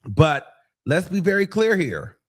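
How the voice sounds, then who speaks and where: A livestream host with a slightly rough voice talks a little slowly, offering blunt, animated commentary to his viewers. Now and then he mimics other people in higher voices.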